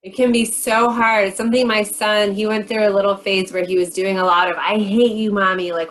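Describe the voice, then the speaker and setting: A woman's voice: mid-range voice, a bit bright, low-quality recording. A woman in her thirties hosting an interview, reflective and sharing personal stories. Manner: reflective, shares personal stories, quick asides. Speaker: interview host. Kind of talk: conversational interview.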